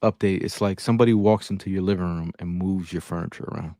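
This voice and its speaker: A man with a low, steady, mellow voice talks fast, co-hosting a casual sports podcast. He tells stories emphatically and keeps repeating phrases. The recording is dry and studio quality.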